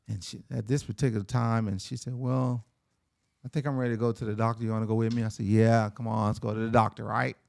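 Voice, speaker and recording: Gravelly-voiced man telling a story. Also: lowish voice, darkish tone, no echo. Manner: conversational, says "man" and "right?" often. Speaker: podcast guest. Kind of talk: casual storytelling.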